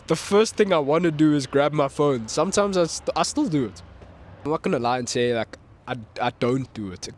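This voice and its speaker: A man's voice: mid-range voice, a little hiss or hum. A man, a musician making a vlog, talking in a casual, rambling way with frequent laughs and restarts, outdoors. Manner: rambling, self-correcting, laughs often. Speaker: musician vlogger. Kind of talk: casual reflective monologue. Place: outdoors in a town with birds.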